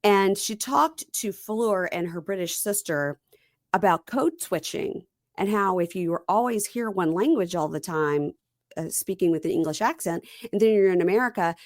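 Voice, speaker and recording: A woman's voice: lowish voice, lively intonation, moderate pace, no echo, clean studio sound. A woman hosting a podcast, chatting casually about reality TV and telling stories with quoted voices. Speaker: podcast host.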